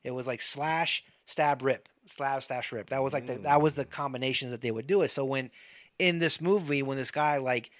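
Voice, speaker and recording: A man's voice: medium pitch, moderate pace, no echo, clean studio sound. A man co-hosting a podcast in casual chat, telling stories animatedly and acting out scenes, with frequent swearing. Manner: animated storyteller, acts out scenes, swears often. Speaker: podcast co-host.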